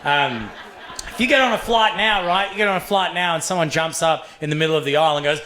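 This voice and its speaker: A young Australian man performing a stand-up routine on a comedy club stage, telling stories in a crude, animated way full of swearing. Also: a little high, fast, background noise.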